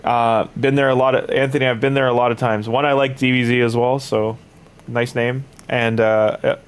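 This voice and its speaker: Canadian man, canadian accent, game streamer, casual rambling chat, sleepy, middle pitch. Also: flat delivery, moderate pace, clear, resonant tone. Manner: rambling, chatty, with frequent restarts. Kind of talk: casual gaming commentary.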